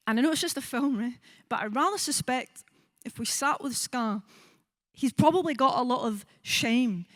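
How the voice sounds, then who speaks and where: A Scottish woman in her forties, a psychologist giving a conference talk, lively and engaging, often checking in with the audience. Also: fairly high pitch. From Scotland. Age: 40s. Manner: lively, asks the audience with frequent "right?" and acts out quoted voices. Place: conference hall.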